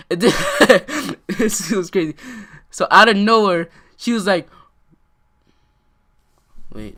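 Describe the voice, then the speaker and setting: A young man tells a story to his viewers, rambling and circling back with constant filler words. His voice is bright and forward, and the talk is loose and unscripted. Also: a little high. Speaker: vlogger. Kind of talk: casual storytime.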